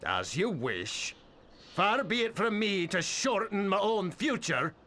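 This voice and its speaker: A man's voice: high-pitched, big pitch swings, slow pace, bright, forceful tone, slight background noise, exaggerated voice. An actor playing a fawning, theatrical old man in a video game, talking in a flowery, dramatic way. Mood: pleading. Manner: flowery, eager to please, dramatic gasps.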